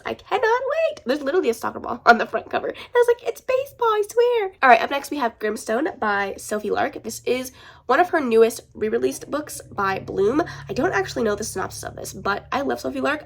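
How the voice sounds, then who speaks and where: Fast-talking stuffed-up woman gushing. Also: on the high side, animated, creaky. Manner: gushing, chatty, swears casually. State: stuffed-up nose. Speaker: book vlogger. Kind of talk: casual chat.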